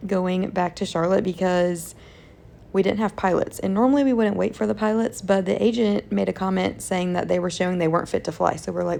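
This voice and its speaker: A young woman chats casually in her travel vlog, upbeat and full of "like" fillers. Her voice carries a lot of gravelly vocal fry at a middling pitch. A faint hiss sits under the recording. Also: steady tone, fairly quick, a little mellow. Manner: chatty, upbeat, lots of "like" fillers. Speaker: flight attendant vlogger. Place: hotel room and crew travel.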